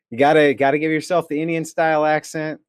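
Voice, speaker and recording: A man's voice: a little high, little pitch movement, moderate pace. A man teasing and egging someone on in casual chat.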